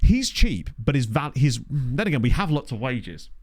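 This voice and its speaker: A man's voice: medium pitch, sing-song, moderate pace, no room sound. A young man giving chatty, jokey commentary while playing a game and thinking aloud. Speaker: gaming commentator. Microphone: studio desk mic.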